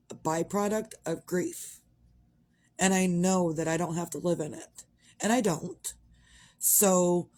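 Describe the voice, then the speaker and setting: A woman's voice: fairly low pitch, darkish tone. A middle-aged woman, talking frankly in a rambling, casual monologue and swearing freely. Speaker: vlogger.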